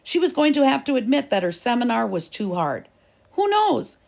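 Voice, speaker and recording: A woman's voice: fairly high pitch, sing-song, moderate pace, vocal fry, a little mellow, voice pushed up. A woman reading aloud and voicing a stubborn, argumentative schoolboy in a storybook. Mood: arguing. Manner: indignant, argumentative. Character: boastful scheming schoolboy, stubborn and dramatic.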